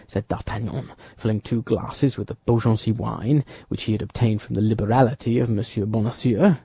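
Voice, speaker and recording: A man narrating a classic adventure novel as an audiobook, in a lively storytelling manner. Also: on the low side, a little fast, creaky, few pauses, breathy edge, no echo. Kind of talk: scripted narration.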